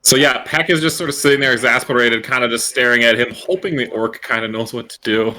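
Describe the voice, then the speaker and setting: A man playing a tabletop role-playing game, talking in a halting, stop-start way. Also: medium pitch, sharp tone, low-quality recording. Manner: halting, stop-start delivery, laughs between lines. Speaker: player.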